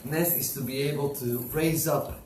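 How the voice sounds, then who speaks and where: A man preaching as a rabbi, telling stories with lively swings and bursts of loud voice. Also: on the high side, normal speed, noisy background. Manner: animated storyteller, bursts into shouting for quoted characters. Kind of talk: sermon with told stories. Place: synagogue. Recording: roomy echo, faint ambience.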